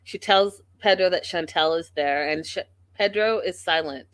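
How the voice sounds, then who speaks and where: A woman's voice: lowish voice, normal speed, no echo. A woman hosting a reality TV recap show, talking casually and acting out what the cast said. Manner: animated, acts out quotes of the cast.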